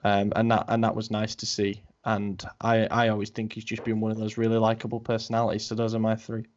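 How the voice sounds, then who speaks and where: A man's voice: lowish voice, completely flat delivery, fast talker, darkish tone. A man, co-hosting a podcast in casual, rambling chat. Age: 20s. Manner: chatty, rambling with many ums. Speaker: podcast co-host. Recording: dull lo-fi audio.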